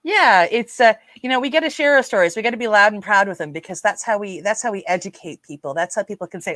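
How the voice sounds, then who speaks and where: A woman's voice: medium pitch, quick pace, few pauses, a bit bright, dry recording. A woman with a Newfoundland accent hosting a casual livestream, chatting with viewers and reading their comments aloud with lots of fillers. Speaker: livestream host.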